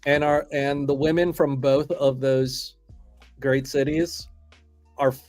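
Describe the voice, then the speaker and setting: A man talking sports on a podcast, pausing often with ums. His pitch is middling, and soft music plays in the background. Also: fairly even intonation. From Philadelphia area. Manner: hesitant, full of ums. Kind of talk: casual sports chat.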